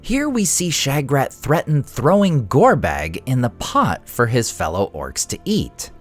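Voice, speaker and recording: A man hosting a fantasy lore channel, giving expressive scripted narration. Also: mid-range voice, unhurried, faint music behind.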